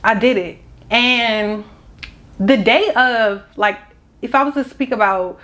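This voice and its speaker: A woman's voice: a little high, slow pace, a bit bright. A young woman, telling a personal story in a casual, candid and emotional vlog. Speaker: vlogger.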